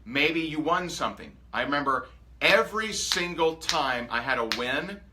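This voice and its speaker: A man's voice: on the high side, moderate pace, background noise. A man coaching a group in a motivational training session, talking energetically and acting out sample messages. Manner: energetic, animated, acts out example dialogues. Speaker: sales coach.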